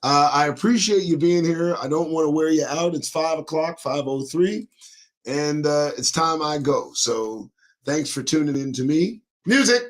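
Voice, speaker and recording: A man hosting his own live stream, talking in a rambling, folksy, halting way. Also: a little high. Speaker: livestream show host. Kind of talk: casual live-stream monologue.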